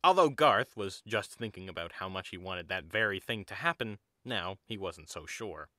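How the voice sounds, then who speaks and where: A man narrating an audio drama in an even storybook manner. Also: low-pitched, normal speed, no echo, clean studio sound. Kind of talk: scripted narration.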